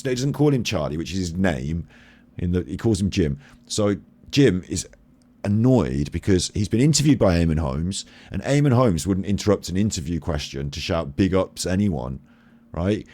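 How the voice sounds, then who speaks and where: A man's voice: sits low, mellow. A man streaming casual commentary over a video clip, chatty, laughing and swearing.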